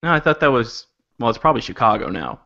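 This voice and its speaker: A man co-hosting a casual podcast, easygoing and quick to laugh. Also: medium pitch, very animated, vocal fry, pushed and bright, dull audio. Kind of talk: casual chat.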